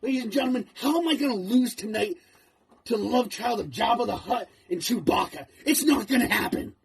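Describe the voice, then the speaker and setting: A man's voice: extremely high pitch, lively intonation, brisk, vocal fry, breathy edge. A man cutting a menacing, profane wrestling promo, taunting his opponent. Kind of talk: trash-talking wrestling promo.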